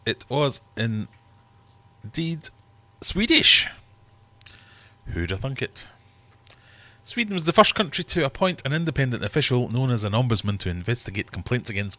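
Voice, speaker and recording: A man's voice: mid-range voice, lively intonation, a little fast, a bit bright. A man hosting a live-stream quiz from his fish room, chatty and teasing his viewers. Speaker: livestream host running a quiz. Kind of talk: casual live-stream chat.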